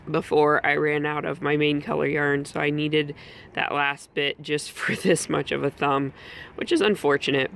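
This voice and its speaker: Low gravelly lady chatting about her knits, kinda breathless, bright edge to her voice. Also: a little hiss or hum. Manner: chatty and relaxed, with frequent ums. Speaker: knitting podcast host. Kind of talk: casual chat about knitting projects.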